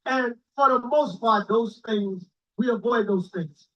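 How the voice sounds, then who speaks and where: A man's voice: very high voice, a little slow. A man teaching scripture in an informal, blunt and profane way, very emphatic. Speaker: religious teacher. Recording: dull lo-fi sound.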